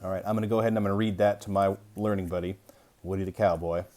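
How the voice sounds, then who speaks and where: Slow-reading man teaching young kids. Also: low voice, fairly even intonation, a little mellow, slight background noise. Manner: slow, deliberate reading aloud with pauses. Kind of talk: early-grade reading lesson.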